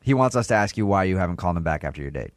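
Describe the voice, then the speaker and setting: A man's voice: low-pitched, expressive, racing, no echo, clean studio sound. A man hosting a morning radio show, joking and teasing his callers.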